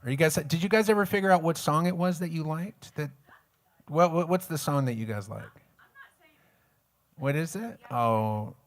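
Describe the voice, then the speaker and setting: A man's voice: a little high, normal speed, pauses often. A singer-songwriter chatting casually with his audience between songs at a live music venue, joking, rambling and swearing offhandedly. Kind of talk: casual stage banter with the audience.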